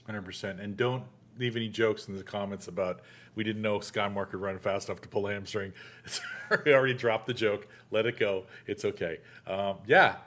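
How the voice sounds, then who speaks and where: A man's voice: fairly low pitch, fairly even intonation, normal speed, a bit bright. A middle-aged man hosting a casual chat show, joking and laughing as he talks. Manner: chatty, joking, laughs often. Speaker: show host.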